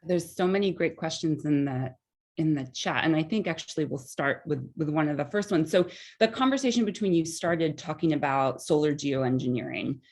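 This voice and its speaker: A woman leading the question round of a panel talk, conversational and slightly halting. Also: low-pitched, a little mellow. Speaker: Q and A moderator.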